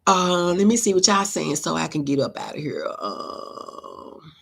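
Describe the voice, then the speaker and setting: Husky, gravelly woman hosting a livestream. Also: low voice, big pitch swings, a little slow. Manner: emotional, heartfelt storytelling. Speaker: livestream host. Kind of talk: casual livestream chat, reading viewer comments.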